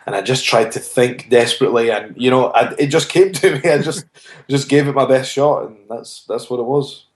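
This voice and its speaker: A man's voice: mid-range voice, normal speed. A man, a wrestler being interviewed, telling his story earnestly and often restarting his phrases. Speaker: wrestler guest. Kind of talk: casual interview chat. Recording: roomy echo.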